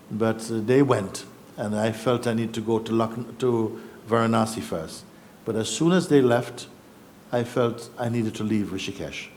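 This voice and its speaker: Low-voiced man telling a reflective story. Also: slight background noise. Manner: unhurried, reflective, with soft laughs and hesitations. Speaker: spiritual teacher. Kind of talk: satsang storytelling. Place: satsang gathering in Rishikesh.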